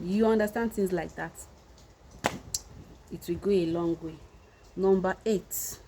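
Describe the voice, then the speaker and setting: A woman's voice: fairly low pitch, steady tone, a little slow, pauses often, mellow, slight background noise, poor audio. Earnest Nigerian woman giving advice. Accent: Nigerian, Yoruba. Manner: earnest, repetitive, coaxing. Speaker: marriage advice vlogger. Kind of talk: casual advice monologue.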